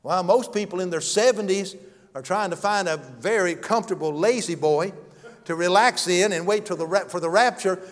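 A man preaching a sermon and telling stories, earnest, swinging from loud to hushed. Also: high-pitched, normal speed. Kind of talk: sermon with storytelling. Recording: long hall reverb.

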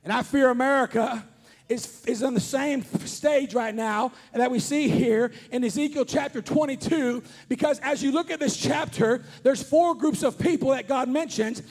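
A man preaching a sermon as a traveling preacher at a conference, talking earnestly and repetitively and rising to shouts on key points. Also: very high voice, normal speed. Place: conference hall before an audience.

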